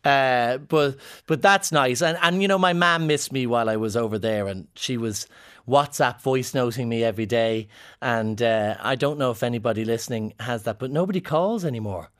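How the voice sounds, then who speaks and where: Speaking at normal speed in a mid-range, fairly bright voice, this Irish comedian shares playful, joking anecdotes during a casual interview chat. His Irish accent comes through as he talks.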